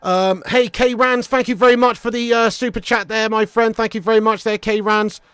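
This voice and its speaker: High-voiced excitable man streaming. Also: moderate pace, smooth, no echo, studio quality. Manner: excitable, swearing, laughing, reading out viewer messages. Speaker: livestream host. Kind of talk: live football watch-along chat.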